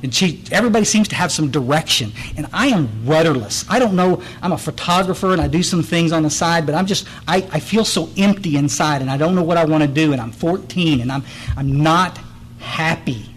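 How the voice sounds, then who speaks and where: A man's voice: fairly high pitch, fairly quick, a little hiss or hum, low-quality recording. A middle-aged man from the Texas Hill Country, giving a blunt, earnest personal testimony at a recovery meeting, often restarting and repeating words.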